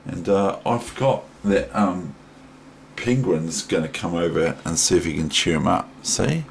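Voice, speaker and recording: Older kiwi guy, low voice, slow rambly chat to his toys, ums everywhere. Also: creaky, a little hiss or hum, rough recording. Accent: New Zealand. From New Zealand. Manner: rambling, chatting to toys, full of ums and asides. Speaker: chess teacher. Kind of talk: casual vlog chat.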